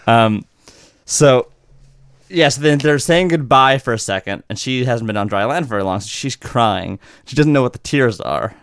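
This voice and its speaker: A man in casual comedic conversation, rambling through stories and acting out quoted lines with animated swings. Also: mid-range voice, normal speed, smooth, no echo, clean studio sound.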